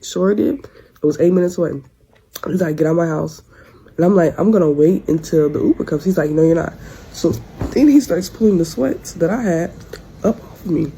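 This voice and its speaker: A woman's voice: fairly low pitch, expressive, normal speed, mellow, a little hiss or hum, rough recording. A young woman in her twenties telling a rambling story in casual slang, restarting her sentences often. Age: 20s. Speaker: storyteller in a clip.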